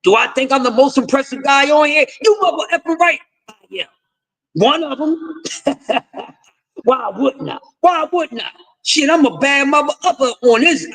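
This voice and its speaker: A man with a very high, sharply bright voice rants through boxing commentary. He is profane and confrontational, lecturing his listeners and hammering the same points again and again. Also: rough recording. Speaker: host of a boxing talk stream. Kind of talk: ranting commentary.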